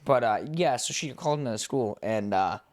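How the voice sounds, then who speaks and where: A man's voice: medium pitch, animated, fairly quick. Young guy cohosting a podcast, rambly, swears a lot, normal mid voice. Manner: rambling, swears freely, storytelling. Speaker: podcast co-host. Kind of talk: casual chat.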